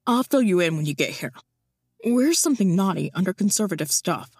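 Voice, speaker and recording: A woman's voice: animated, a little fast, a little mellow, no echo, studio quality. A woman voicing a silky, teasing charmer. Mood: flirtatious. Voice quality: low, silky and smooth.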